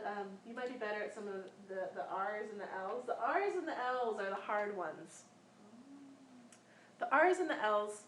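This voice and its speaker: A woman teaching a small class in an informal way. She patiently demonstrates each sound aloud and repeats it. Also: mid-range voice. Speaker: Sanskrit pronunciation teacher. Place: room with students present. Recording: echoey room with faint background noise.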